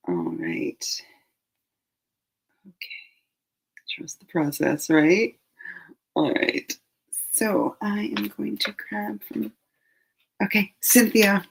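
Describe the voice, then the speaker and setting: A woman hosting a live angel card reading, chatty and gently reassuring, sometimes dropping into soft asides. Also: lowish voice, gravelly, noisy background.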